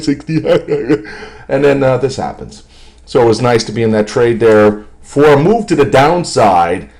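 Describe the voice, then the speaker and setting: A man giving a casual, jokey stock market commentary over charts, self-amused and animated. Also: mid-range voice.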